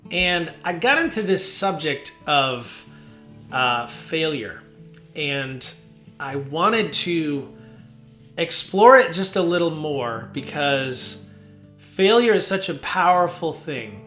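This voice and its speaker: Man, worship leader, casual devotional chat, rambling, bright tone, echoey studio, faint guitar. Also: on the high side, slow. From New Jersey. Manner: relaxed, rambling, with fillers. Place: home basement studio. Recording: roomy studio with soft guitar.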